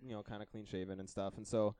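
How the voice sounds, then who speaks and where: This lowish-voiced young man from Canada talks fast while co-hosting a podcast. He spins a long holiday story in relaxed chat, performing the dialogue and laughing as he goes.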